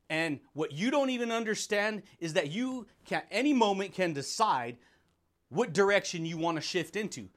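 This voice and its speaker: A man hosts a motivational podcast, speaking with high-pitched energy and plenty of slang. When he quotes people, he throws on quick voices for them.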